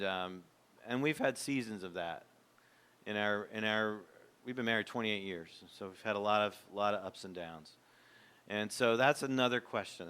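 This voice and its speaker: A man in his fifties speaks to a men's group in a bright, forceful voice. His tone is smooth and resonant. He talks candidly and reflectively, as if sharing his own struggles in conversation. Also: on the low side. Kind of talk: personal talk to a men's gathering.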